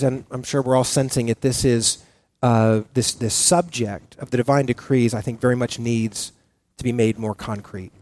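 A man preaching a sermon as pastor, earnest and halting, often restarting his sentences with fillers. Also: mid-range voice, darkish tone, dry recording.

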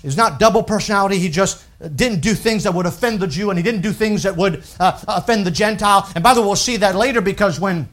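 During a sermon, a man reads scripture in a rising, emphatic voice, then drops low and quiet to explain his points. He moves at a quick pace with few pauses.

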